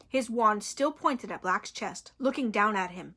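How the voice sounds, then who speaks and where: A woman reading a novel aloud in an expressive, dramatic way. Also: mid-range voice, unhurried, husky.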